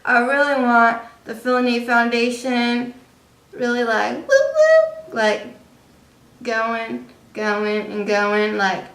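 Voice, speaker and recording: A young woman talks slowly and rambles through a casual vlog, her voice bright and slightly high. She confides in her viewers and leans on plenty of fillers. The sound is roomy and echoey, with the mic set back from her. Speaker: vlogger. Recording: echoey room, distant mic.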